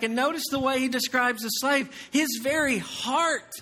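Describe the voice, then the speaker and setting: High-voiced preacher in a reverberant hall. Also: male voice, moderate pace, few pauses. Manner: animated preaching, swinging between loud emphasis and quiet storytelling. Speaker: pastor. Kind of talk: sermon.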